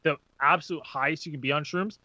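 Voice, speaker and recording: A man's voice: fairly high pitch, fast, sharp tone, no room sound. A man on a podcast in casual chat, speaking eagerly and cutting in, on a dull lo-fi recording. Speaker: podcast co-host.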